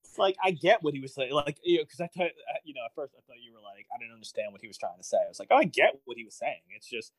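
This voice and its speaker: A man's voice: a little high, big pitch swings, rapid-fire, no room sound. A man chatting casually as a podcast co-host, rambling and wry, with many fillers. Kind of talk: casual chat.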